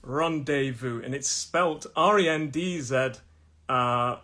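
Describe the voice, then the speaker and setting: A middle-aged man from England, a pronunciation teacher in a live lesson, chatty and repeating words slowly as his voice starts to go. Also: mid-range voice, pushed and bright. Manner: chatty, repeats each word slowly, laughs at own jokes. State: losing his voice.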